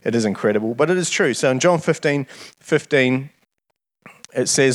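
A man's voice: mid-range voice, expressive, normal speed, pauses often. A man preaching a sermon in an earnest way, often repeating words as he starts his phrases.

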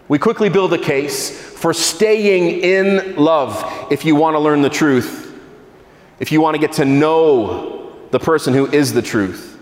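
A man preaching a sermon as pastor, slowing down and dropping low on key words with dramatic pauses. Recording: echoey hall with long reverb.

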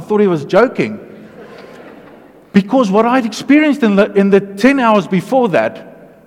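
A man preaching a testimony sermon, telling his story in an animated way, dropping to a hush and then rising to loud excitement. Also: high voice. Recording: long hall reverb.

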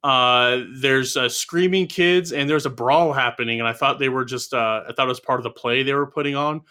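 A man's voice: mid-range voice, fairly even intonation, a little fast, bright, forceful tone, smooth. A man co-hosting a casual film review podcast, talking through his notes with dry, sardonic humor. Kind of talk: casual chat.

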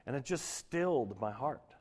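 A young man from Denver giving a sermon, telling a personal story in an earnest way that grows lively as he preaches. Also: medium pitch, normal speed. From Denver, Colorado. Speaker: pastor.

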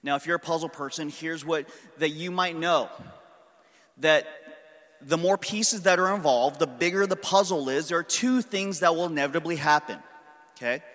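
High-voiced pastor preaching in a reverberant hall. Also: male voice, normal speed. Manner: conversational storytelling, warm and earnest. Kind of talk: sermon.

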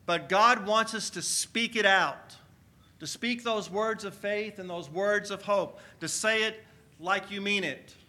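A man's voice: high voice, measured pace, sharp tone. A man pastor preaching a sermon to his church, energetically calling on the congregation to answer back. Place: church sanctuary.

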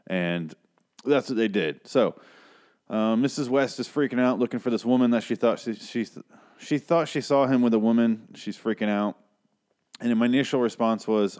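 A man's voice: medium pitch, moderate pace, a little mellow. A man casually recapping a TV episode, rambling, joking and swearing as he goes. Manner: rambling, profane, restarts a lot, jokey.

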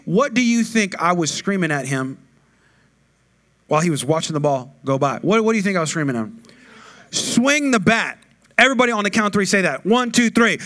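A middle-aged male pastor with a fairly high voice preaches in a loose, conversational way. He often swells into loud, rousing exhortation. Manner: conversational, builds to loud call-and-response preaching. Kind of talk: sermon.

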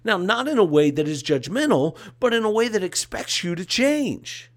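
A man's voice: high-pitched, very animated, moderate pace. A man preaching a sermon as a pastor, with a repetitive, emphatic cadence and casual asides.

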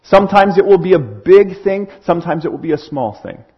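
Lively, husky-voiced male preacher. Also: high-pitched, fairly quick, dull audio. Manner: animated, acts out little scenes. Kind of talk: sermon.

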